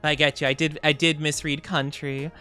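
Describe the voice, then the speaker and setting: A woman's voice: low-pitched, level tone, normal speed, bright, forceful tone, smooth, soft background music. A woman streamer chatting casually and playfully with her viewers, greeting them by name. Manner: playful sing-song asides. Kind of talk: casual livestream chat.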